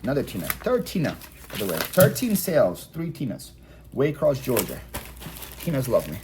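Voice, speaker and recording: A man's voice: medium pitch, huge pitch swings, normal speed, noisy background. A man talking casually to his viewers in a vlog while packing orders, chatty and full of fillers and repeated words. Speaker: online reseller vlogger.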